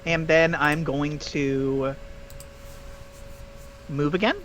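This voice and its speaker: A man's voice: fairly high pitch, steady tone, drawn-out words, fairly bright tone, highs cut off, a little hiss or hum. A man playing a tabletop game, describing his moves hesitantly with many fillers. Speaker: player. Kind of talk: tabletop game role-play.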